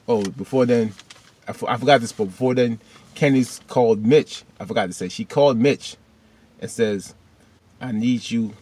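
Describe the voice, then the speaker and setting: A young man with a somewhat low voice gives a loose, rambling recap of a TV episode. He keeps doubling back to scenes he forgot and speaks straight to his viewers in a casual, chatty way. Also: warm tone, slight background noise. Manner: rambling, backtracks often, addresses viewers as y'all. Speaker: TV episode reviewer.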